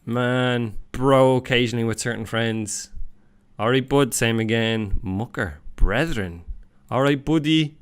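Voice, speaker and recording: A young man with an Irish accent chatting casually and reacting to a quiz, self-mocking and animated. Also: medium pitch, a little slow, smooth. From Ireland. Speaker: YouTuber. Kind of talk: casual vlog commentary.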